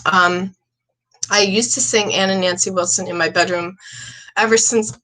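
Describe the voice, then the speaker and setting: A woman's voice: medium pitch, steady tone, normal speed, pushed and bright, rough recording. An older woman talking casually to her viewers, rambling and chatty and a little emotional. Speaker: vlogger. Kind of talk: casual chat to camera.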